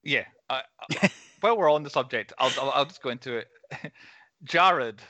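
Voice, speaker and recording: A man's voice: medium pitch, animated, normal speed, sharp tone, dry recording. A man co-hosting a casual film review podcast, rambling and laughing between points. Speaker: podcast co-host.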